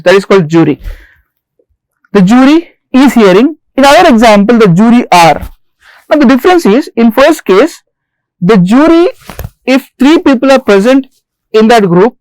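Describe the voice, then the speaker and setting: Deliberate male lecturer. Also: very high-pitched, darkish tone, no room sound, poor audio. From India. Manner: repeats rules and examples deliberately; stresses single words slowly. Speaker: English lecturer. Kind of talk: recorded grammar lecture.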